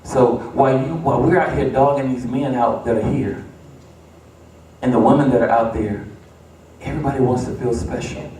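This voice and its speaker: A man's voice: medium pitch, moderate pace, dark tone, a little hiss or hum. Man, pastor, sermon, emphatic repeated refrains, very echoey church, distant mic. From United States. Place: church sanctuary.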